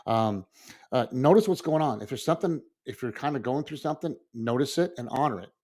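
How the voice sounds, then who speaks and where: A man's voice: medium pitch, expressive, fairly quick, a little mellow. A man of sixty co-hosting a podcast, talking earnestly in a rambling, casual way and laughing often. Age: 60s. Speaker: podcast co-host.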